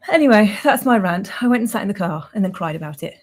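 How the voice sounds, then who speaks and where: A woman's voice: mid-range voice, lively intonation, fast talker. A young woman hosting a casual livestream, chatting in a rambling, self-mocking way and laughing often. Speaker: livestream host.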